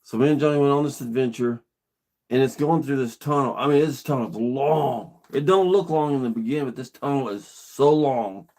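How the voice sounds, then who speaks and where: A man's voice: medium pitch, normal speed, darkish tone. Earnest middle-aged man telling a story. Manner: earnest, rambling, plainspoken. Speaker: vlogger. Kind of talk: casual storytelling to camera.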